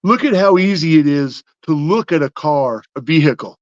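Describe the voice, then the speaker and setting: A man's voice: on the high side, animated, moderate pace, no room sound, dull audio. A man hosting a podcast who argues his points casually, stacking up rhetorical questions. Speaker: podcast host.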